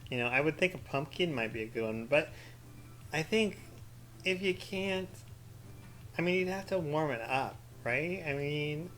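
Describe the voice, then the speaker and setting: A man with a fairly high, slightly bright voice speaks in an animated yet unhurried way. As a gaming commentator, he gives rambling, profane let's-play commentary packed with crude jokes, mock-ranting with sarcastic asides.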